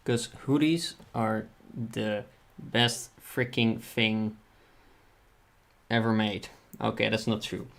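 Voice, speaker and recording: A man's voice: lowish voice, steady tone, takes it slowly, creaky. A man hosting a livestream, chatting casually while he draws. He rambles, corrects himself and swears mildly. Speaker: livestream host. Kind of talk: casual chat while drawing.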